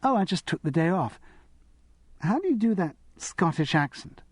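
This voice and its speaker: A man's voice: high voice, big pitch swings, moderate pace, breathy edge, no room sound, voice pushed up, exaggerated voice. A man voicing a giggly, easily impressed upper-class teenage girl with an English public-school accent in an audiobook. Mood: girlish eager. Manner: girlish, bright, enthusiastic. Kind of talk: audiobook character voice.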